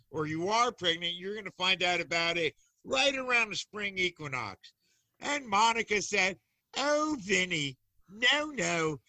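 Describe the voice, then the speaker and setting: A man, a guest who teaches occult classes, telling animated stories in a playful, teasing way and mimicking the people in them. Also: high-pitched, no echo. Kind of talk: animated storytelling.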